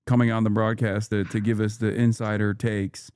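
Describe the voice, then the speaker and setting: A man's voice: on the low side, little pitch movement, normal speed, darkish tone, a little hiss or hum. A man hosting a casual reaction stream, talking in a sarcastic, joking way. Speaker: streamer host.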